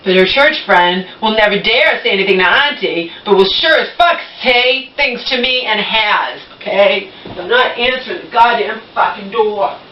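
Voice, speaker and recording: A woman's voice: medium pitch, animated, moderate pace, hardly any pauses, slight background noise. A woman venting to the camera in an agitated, profane rant. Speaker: vlogger. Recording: echoey room, distant dull mic.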